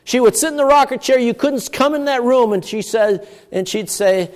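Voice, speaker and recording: A man preaching a sermon with emphatic delivery, moving between loud, stressed words and hushed asides. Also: very high voice, normal speed. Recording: long church-hall reverb.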